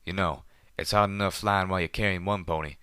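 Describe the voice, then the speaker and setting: A man voicing a gruff, hot-tempered but protective male pegasus with a drawl, scolding loudly. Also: sits low, fairly even intonation, brisk, dry recording, studio quality. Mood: angry.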